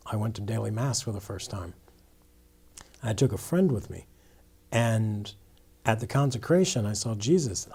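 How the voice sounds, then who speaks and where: Man, guest in a testimony interview, husky and breathy tone, earnest storytelling. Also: lowish voice, mellow. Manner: earnest, with frequent restarts and "you know". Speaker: guest telling his conversion story.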